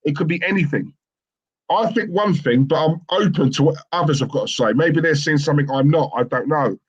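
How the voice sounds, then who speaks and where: A man's voice: on the high side, fairly quick, breathy edge, dull audio. A man co-hosting a live football stream, chatting casually and joking with viewers, laughing often. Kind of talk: casual banter and viewer chat.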